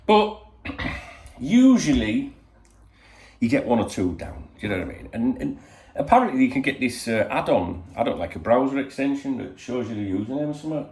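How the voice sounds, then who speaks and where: A channel host at home in Spain talks briskly in a mid-range, slightly mellow voice with big pitch swings, in an echoey room. His casual chat to camera meanders, with free swearing and a steady stream of "you know".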